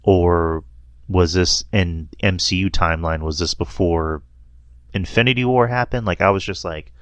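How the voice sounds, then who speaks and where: A man's voice: deep voice, moderate pace, no room sound. A man hosting a casual movie review chat, rambling and laughing often. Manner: rambling, laughs often, quotes lines in a mocking voice. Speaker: podcast host.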